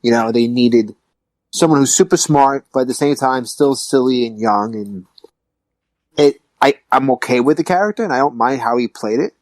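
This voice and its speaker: A man's voice: mid-range voice, normal speed, no room sound. A man hosting a podcast in casual chat, joking and swearing freely. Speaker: podcast host.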